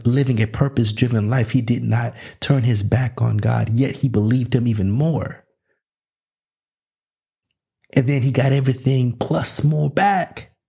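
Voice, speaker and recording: A man's voice: mid-range voice, gravelly, mellow, breathy edge. A young man hosting a faith-based motivational talk, speaking in casual slang, asking rhetorical questions and acting out little dialogues. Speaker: podcast host.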